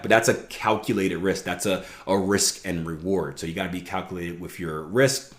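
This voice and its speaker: A man's voice: deep voice, fairly even intonation, normal speed, few pauses. A man hosting his own trading podcast, talking casually and often tossing in "right?" as he explains. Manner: conversational, frequent "right?" asides. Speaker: podcast host, trading coach. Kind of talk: casual solo podcast talk. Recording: echoey room.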